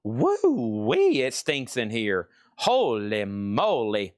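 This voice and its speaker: A man voicing an excited customer griping about his stinky car with exaggerated whooping exclamations. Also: mid-range voice, extremely slow, no room sound, clean studio sound, voice pushed down, full character voice. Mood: disgusted.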